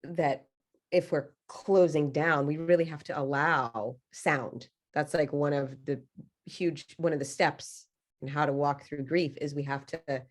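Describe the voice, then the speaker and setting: Low-voiced woman grief coach. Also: fairly even intonation, a little slow. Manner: earnest, encouraging, emphatic. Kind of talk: casual interview chat.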